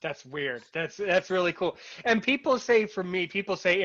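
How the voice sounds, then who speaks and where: Eager bright-voiced male host, lo-fi. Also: high voice, expressive, moderate pace. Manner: eager, stumbling, repeats words. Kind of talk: casual chat.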